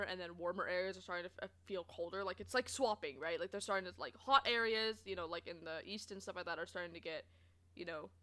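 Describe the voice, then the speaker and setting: A young woman streamer from Canada, casually telling stories to her chat, expressive and swearing freely. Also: mid-range voice. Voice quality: expressive, swears, laughs often.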